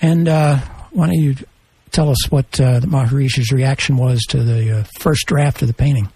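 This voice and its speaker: Raspy, dark-voiced male interview host. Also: medium pitch, steady tone, no room sound. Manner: halting, with many filler hesitations. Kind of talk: interviewing a guest.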